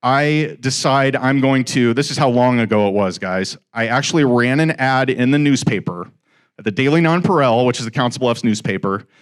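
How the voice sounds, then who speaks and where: A man's voice: mid-range voice, moderate pace, clean tone. A middle-aged man telling a story to a live audience about his first real estate deal, acting out the dialogue as he goes. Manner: animated, acts out quoted dialogue.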